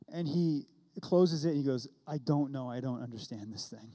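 A man's voice: mid-range voice, moderate pace, mellow. A man in his thirties preaching a sermon as a pastor, telling a personal story and acting out the dialogue. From California. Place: church.

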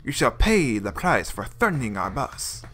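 A man voicing a male ninja warrior who speaks slowly in stilted, formal phrases. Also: medium pitch, sing-song, bright, forceful tone. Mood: stern formal. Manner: slow, stilted, formal speech.

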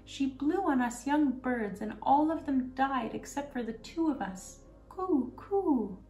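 A woman cooing as a high-pitched wood pigeon. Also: lively intonation, slow, mellow, full character voice. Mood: urgent. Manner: cooing, lilting. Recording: roomy, distant, faint music.

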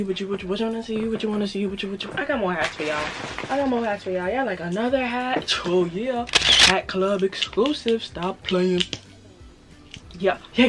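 Hyped New York woman with a slightly raspy voice. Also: lowish voice, a bit bright. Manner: playful, hyped, repeats phrases, talks straight to viewers. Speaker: fashion vlogger. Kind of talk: casual haul video.

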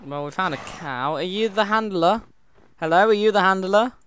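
A man's voice: sits high, moderate pace, a crowd in the background. A man with a northern English accent chatting playfully through a Minecraft let's-play, laughing easily and slipping into mock-dramatic narration. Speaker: gamer co-host.

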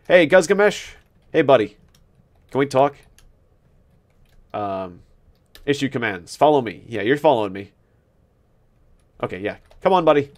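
Speaking in a mid-range voice with lively intonation, this man keeps a measured pace and pauses often as he plays a game on video. His let's-play talk is rambling and self-mocking; he chuckles at his own jokes and keeps restarting sentences as he thinks aloud.

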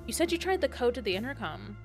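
A woman's voice: fairly high pitch, big pitch swings, fast talker, faint music behind. A woman reading the lines of a terse male private detective in a video game, in her own voice. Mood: calm.

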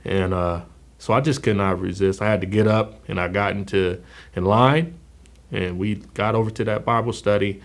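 Low gravelly man giving halting testimony. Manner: halting, many fillers and restarts, speaks quietly about painful memories. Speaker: former gang member telling his story. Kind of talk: personal testimony interview.

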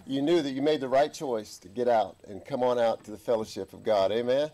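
A man's voice: medium pitch, fairly quick, dark tone. A man preaching a folksy sermon as a guest chaplain, jovial and joking with the congregation. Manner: jovial, chuckling, folksy asides.

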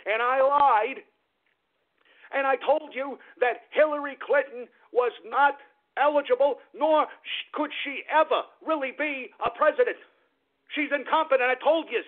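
A man voicing a gloating, leering old male politician who taunts his followers. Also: very high-pitched. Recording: tinny phone-like radio audio.

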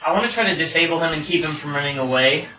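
A man taking part as a player in a tabletop session, talking casually, trailing off mid-thought and cracking jokes. His voice is slightly high and far from the mic in an echoey room. The sound is dull and lo-fi, with noise underneath. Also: rapid-fire. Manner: hesitant, trailing off, joking. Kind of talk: casual tabletop game chat.

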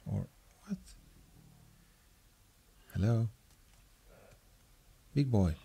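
Lively excitable man playing a game. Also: fairly low pitch, very slow, gravelly, husky. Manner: excitable, swears, coaxes the creature. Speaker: gaming commentator. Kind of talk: let's play commentary.

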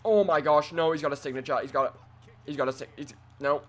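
A man giving excitable let's play commentary, trash-talking his opponent and swinging between quiet mutters and sudden yells. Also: on the high side, fast. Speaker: gaming commentator.

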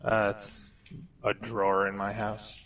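A man's voice: on the low side, completely flat delivery, takes it slowly, recorded from a distance, a crowd in the background. A man in casual gaming voice chat, making short, hesitant remarks to his teammates. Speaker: squad player.

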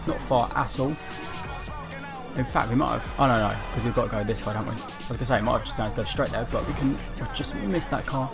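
Rambling young gamer, mid pitch. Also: male voice, fast talker. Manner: chatty, rambling, with many fillers. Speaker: gaming commentator. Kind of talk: casual let's-play commentary. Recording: game music loud behind the voice.

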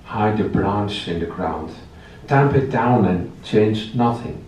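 A man reading his poetry aloud in a slow, measured recitation at a library event. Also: lowish voice, lively intonation, darkish tone, a little hiss or hum. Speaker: poet. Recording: echoey room, distant mic.

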